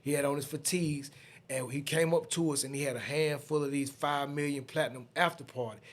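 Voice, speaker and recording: A man in his fifties with a Southern US accent, a podcast guest telling a story in a casual, lively way and acting out the other people in it. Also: on the high side, a little fast. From Atlanta, USA.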